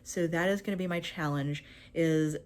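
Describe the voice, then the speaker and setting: A woman's voice: low voice, moderate pace, darkish tone. A woman talking chattily through her crochet project in a casual crafting vlog, upbeat and with frequent fillers. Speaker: crochet pattern designer.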